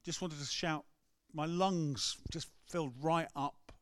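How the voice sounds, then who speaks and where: An English rector tells a personal story from the pulpit in an easy, conversational sermon. His voice sits a little high for a man. The sound is close and dry, with no room echo. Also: fairly even intonation, takes it slowly, fairly bright tone. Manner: storytelling, conversational, acts out quotes. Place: church.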